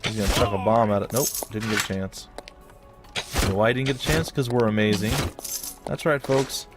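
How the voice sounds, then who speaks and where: A man's voice: lowish voice, normal speed, loud music behind the voice. A man hosting a gameplay video, chatting and joking with his viewers as he plays. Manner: chatty and jokey, addressing viewers as guys and folks. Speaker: let's play host. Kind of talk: casual gameplay commentary.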